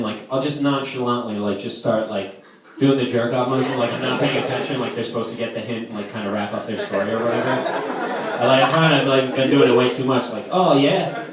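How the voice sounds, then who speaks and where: A man's voice: mid-range voice, fairly even intonation, brisk, over a noisy crowd. Brief: young male stand-up comic, rambling filler-heavy delivery, heard far off in a very echoey hall. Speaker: camp counselor doing stand-up. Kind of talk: live stand-up comedy. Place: camp hall with live audience. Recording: echoey distant room with noise.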